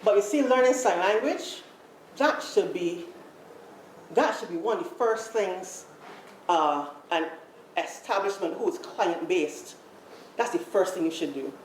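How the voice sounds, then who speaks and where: A woman's voice: fairly low pitch, measured pace. A Barbadian woman leading a workshop on deafness, talking animatedly to a room and repeating herself as she calls people up. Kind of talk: lively live workshop talk to a group. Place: large room with an audience. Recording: echoey room, faint background noise.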